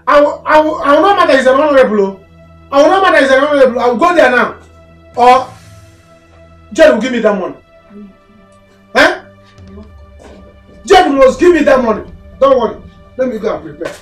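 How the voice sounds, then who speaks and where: Nollywood: furious Nigerian woman, high and loud. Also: sing-song, a little slow, long pauses, husky, faint music behind, heavily acted. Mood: indignant. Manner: loud, indignant. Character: angry woman owed money, loud and threatening. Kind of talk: Nollywood film acting.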